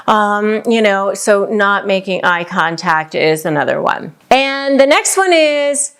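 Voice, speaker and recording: Middle-aged female host, conversational advice talk, smooth resonant voice, mid pitch. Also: animated, fairly bright tone. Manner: conversational, acts out quoted lines in quick asides. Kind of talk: direct-to-camera advice talk.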